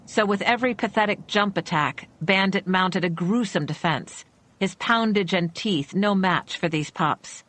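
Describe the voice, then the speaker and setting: A woman narrating a suspense thriller audiobook in a measured, tense storytelling manner. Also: medium pitch, fairly bright tone.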